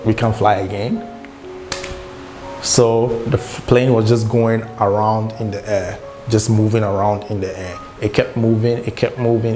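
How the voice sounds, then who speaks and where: A young man from Ghana, a travel vlogger, telling an airport story in a casual, animated way and acting out the dialogue. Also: on the low side. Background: guitar music.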